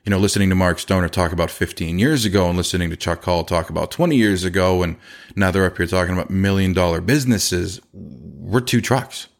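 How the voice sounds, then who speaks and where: A man's voice: sits low, a little fast, vocal fry. A middle-aged man hosting a podcast, talking candidly and earnestly about his business, with frequent restarts and repeated phrases. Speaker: podcast host, chimney business owner. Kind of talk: candid casual monologue.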